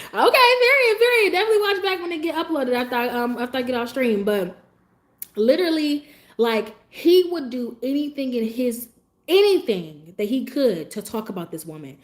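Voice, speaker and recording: A woman streamer chats to her viewers in a high voice that swoops all over. She tells her stories with sass and plenty of laughter, keeping it casual and animated. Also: normal speed. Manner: sassy, animated, laughs often while telling stories. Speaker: livestreamer. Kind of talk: casual livestream storytelling.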